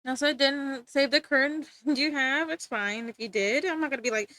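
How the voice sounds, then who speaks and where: A woman's voice: sits high, normal speed, bright, forceful tone. A young woman streaming live while drawing, chatting playfully with viewers and giggling often. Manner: giggly, playful, rambling, talks to chat.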